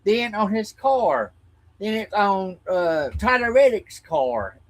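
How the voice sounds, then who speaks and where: A man in casual talk-show chat, agreeable and quick to chime in with affirmations. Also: high-pitched, sing-song. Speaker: co-host.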